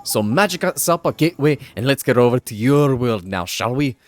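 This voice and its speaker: Male gamer voicing a cheeky fairy sidekick, put-on accent, slangy and pushy, high register. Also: lively intonation, fairly quick, no echo, faint music behind, close to an everyday voice. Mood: bossy. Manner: chirpy, bossy, full of slang.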